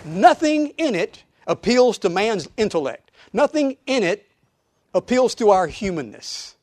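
A man preaching a sermon to his church, emphatic, with rhetorical questions and sudden drops to quiet asides. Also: high voice, big pitch swings, unhurried, dry recording, studio quality. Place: church auditorium.

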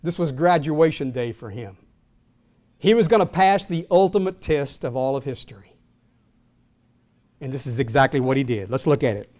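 An older man preaching a sermon, asking his listeners questions and swinging from loud calls to hushed lines. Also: medium pitch, moderate pace, pauses often. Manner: asks the congregation questions. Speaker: pastor.

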